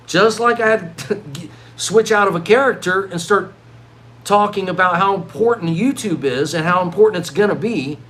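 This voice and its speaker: Over slight background noise, a high-voiced middle-aged man rants at a moderate pace in his vlog. He's animated and worked up, starting over again and again and repeating words as he goes.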